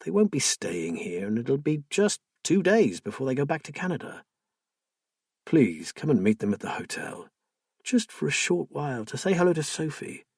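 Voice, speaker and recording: A man's voice: a little high, sing-song, moderate pace, darkish tone, slightly rough, dry recording, clean studio sound, pitched above the performer's own voice, full character voice. A man reading a strained, defensive husband. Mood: coaxing. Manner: pleading, then tense and exasperated.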